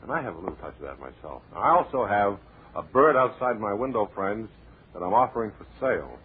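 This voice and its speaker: A man hosting a comedy radio show in a deadpan, rambling, mock-serious way, heard on a tinny old radio recording with light hiss. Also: on the low side, a little fast. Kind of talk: deadpan comic radio patter.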